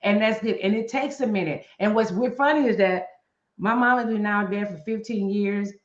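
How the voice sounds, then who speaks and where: Speaking in a mid-range voice at moderate pace, a middle-aged guest on a live chat show talks passionately about grief. She's blunt and preacher-like, repeating her main points, and her voice echoes roomily over slightly dull live-stream sound.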